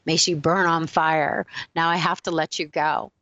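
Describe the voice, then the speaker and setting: A woman's voice: low-pitched, flat delivery, measured pace, bright, forceful tone, no room sound, dull audio. A woman voicing Sir Gromer, a vengeful forest knight. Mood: menacing.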